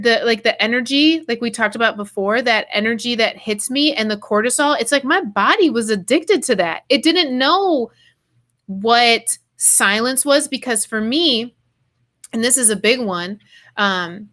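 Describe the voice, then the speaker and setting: A woman hosting a podcast, telling a personal story in animated casual chat with quick asides. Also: fairly high pitch. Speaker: podcast host.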